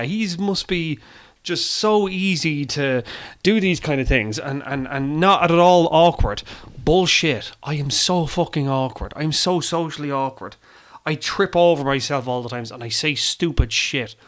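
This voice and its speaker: A man's voice: medium pitch, a bit bright. A man with an Irish accent hosting a film podcast, rambling and self-deprecating, swearing freely and using many fillers. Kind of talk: casual film review chat.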